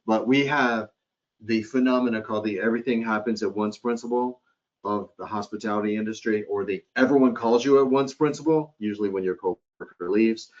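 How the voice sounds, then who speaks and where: Low-voiced man giving a hospitality training webcast. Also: a little fast. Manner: demonstrates phrasings by acting out tones of voice. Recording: dull lo-fi webcast audio.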